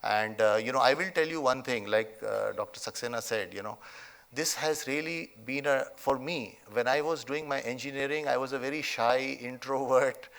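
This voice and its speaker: A middle-aged man with an Indian English accent gives a motivational convocation speech as chief guest, emphatically telling a story and often adding "okay?" and "you know". His mid-range voice is gravelly and a bit bright, moving at normal speed in a large convocation hall.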